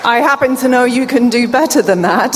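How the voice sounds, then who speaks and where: A middle-aged British woman with a slight deaf accent giving a lively, playful conference keynote, speaking straight to the audience. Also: a little high, fairly quick. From England. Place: large hall before a live audience. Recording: long hall reverb with faint ambient noise.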